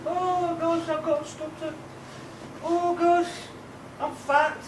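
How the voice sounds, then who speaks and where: A man voicing his own self-pitying inner victim voice, speaking softly and fretfully. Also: extremely high pitch, flat delivery, slow pace, slight background noise, pitched above the performer's own voice. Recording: roomy, distant mic.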